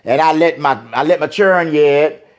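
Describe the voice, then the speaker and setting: A man's voice: fairly high pitch, a little fast, smooth. An older man, a singer talking in an interview in a rambling, folksy way with many fillers and restarts.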